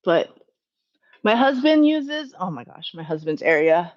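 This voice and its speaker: A woman's voice: lowish voice, big pitch swings, unhurried, highs cut off. A woman hosting a casual live Q&A from home, rambling and correcting herself, laughing often as she talks to her chat. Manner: rambling, self-correcting, chatty with frequent laughs. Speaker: livestream host.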